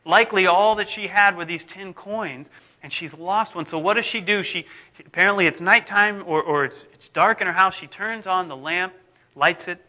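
A middle-aged man, a pastor, preaching in a conversational, self-deprecating way whose phrases often fade off softly. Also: high voice, moderate pace. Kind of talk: sermon.

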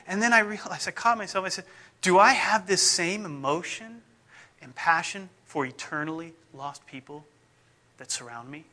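Man, pastor, sermon, very bright tone, slightly high voice, conversational, trailing endings. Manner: conversational, self-deprecating preaching with soft, dropping endings.

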